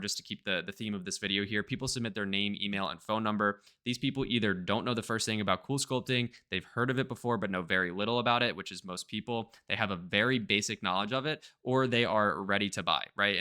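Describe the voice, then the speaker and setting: A man's voice: lowish voice, quick pace, hardly any pauses, smooth. A man teaching marketing straight to camera, energetically checking in with his listeners. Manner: energetic, checks in with "right?" and "okay?". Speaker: marketing coach.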